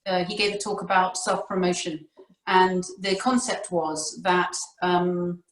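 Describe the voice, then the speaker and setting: A woman's voice: on the low side, steady tone, a little slow. A woman with a British RP accent, an audiobook narrator speaking in a reflective, wry way as a guest on a casual panel chat over a video call. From Britain. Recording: roomy, distant mic.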